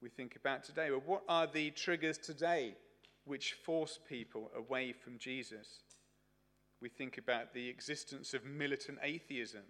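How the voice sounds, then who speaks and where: Fields: Man, chatty preacher, middle pitch. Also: normal speed, fairly bright tone. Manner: chatty, anecdotal, with many fillers. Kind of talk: sermon. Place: church service.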